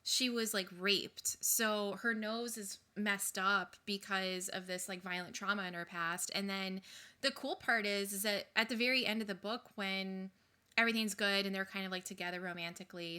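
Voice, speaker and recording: Woman co-host, mid-pitched, bright tone, thinks out loud. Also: normal speed. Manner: rambling, reasons things out aloud. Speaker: podcast co-host. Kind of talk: casual book-and-film chat.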